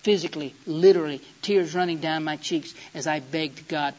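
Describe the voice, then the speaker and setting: A middle-aged man preaching a sermon, dramatic, swinging between loud excited storytelling and hushed, slow scripture reading. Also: a little high. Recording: dull lo-fi recording.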